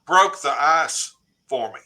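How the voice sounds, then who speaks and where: A man's voice: on the high side, slow pace, a loud crowd. An older man, telling a personal story as a podcast guest and acting out the dialogue. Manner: lively storyteller who acts out quoted dialogue. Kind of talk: casual anecdote telling on a podcast.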